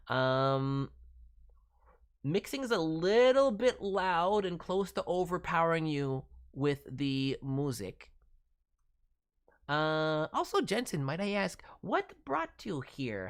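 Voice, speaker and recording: A man's voice: on the high side, a bit bright. Brief: a casual male streamer giving friendly, rambling critiques of voice acting demos. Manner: friendly, critiques with hesitant restarts, lapses into slang. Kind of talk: casual feedback commentary.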